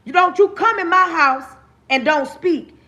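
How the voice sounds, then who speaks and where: A woman's voice: very high voice, a little slow, pushed and bright, exaggerated voice. A woman speaking as a blunt, stern old grandmother who scolds and questions without holding back. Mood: scolding.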